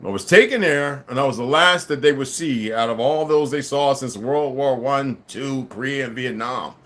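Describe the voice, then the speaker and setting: A man speaking live to his viewers in a combative monologue, dropping to low mutters and rising to loud, emphatic outbursts, with occasional laughs and repeated words. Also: normal speed. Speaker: livestream commentator.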